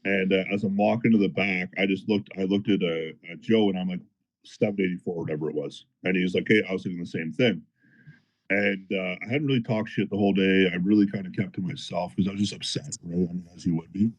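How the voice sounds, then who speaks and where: A man telling a story in a casual podcast chat, animated and profane, as a powerlifter guest. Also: low-pitched, fast talker, lo-fi sound. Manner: animated, profane, fired-up retelling.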